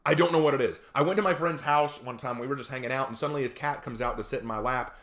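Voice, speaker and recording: A man's voice: medium pitch, fast talker, a bit bright. A man chatting casually on a live stream, reading viewer comments aloud and telling laid-back stories.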